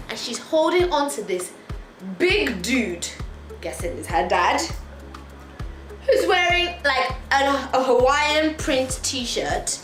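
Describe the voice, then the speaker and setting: A woman vlogger telling a story in an animated way, laughing as she goes. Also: high-pitched. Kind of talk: storytime vlog. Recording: echoey room, faint music.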